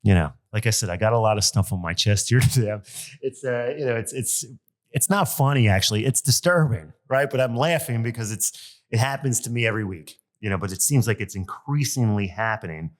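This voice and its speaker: A man's voice: fairly low pitch, fairly quick. A man hosting a podcast, a loan officer talking casually and venting with exasperation, full of ums and uhs. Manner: exasperated, animated venting with lots of fillers. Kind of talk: casual solo podcast monologue.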